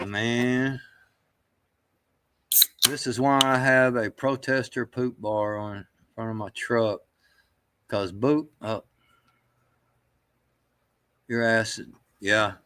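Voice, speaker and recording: A man's voice: medium pitch, fairly even intonation, takes it slowly, pauses often, a bit bright, slight background noise. A man hosting a show, reacting to clips in rambling, profane casual commentary with many restarts. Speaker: show host.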